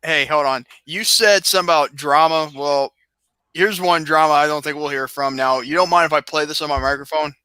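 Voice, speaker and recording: A man's voice: on the high side, fairly quick, bright, forceful tone, clear, resonant tone, dry recording, poor audio. A man hosting a casual livestream chat, rambling on with lots of restarts and fillers. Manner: talks in long rambling stretches with many restarts. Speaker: show host.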